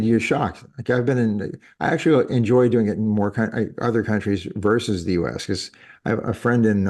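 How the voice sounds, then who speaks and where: A man's voice: on the low side, darkish tone. A man in his fifties hosting a casual interview, rambling and correcting himself as he goes. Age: 50s. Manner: rambling, self-correcting, chuckles often. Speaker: podcast host. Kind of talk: casual conversation. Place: living in France.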